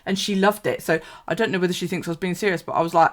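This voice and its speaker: A woman's voice: fairly low pitch, rapid-fire. A woman in her thirties chatting casually and swearing freely during a live stream, answering viewers as she talks. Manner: chatty, sweary, laughs a lot, reads and answers viewer comments. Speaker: bullet journal vlogger.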